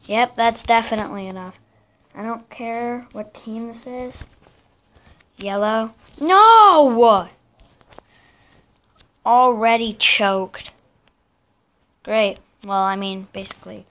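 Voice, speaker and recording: A woman giving casual live commentary on her own gameplay, chatting in slang and breaking into excited yelps and repeated protests. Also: on the high side, slow, pauses often.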